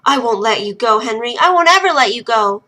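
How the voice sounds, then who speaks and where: A woman's voice: a little high, lively intonation, normal speed, sharp tone, heavily acted. A woman voicing a stubborn young girl, defiant and emotional, who is fiercely protective of her little brother. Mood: tender.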